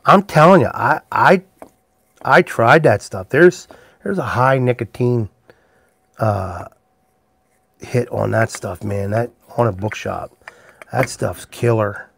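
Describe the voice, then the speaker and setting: A livestream host and pipe maker talks slowly at a medium pitch, his voice fairly bright, slightly rough, and marked by vocal fry, pausing often. He rambles in an easygoing manner while working in his workshop and greets chat viewers by name. The recording is dry.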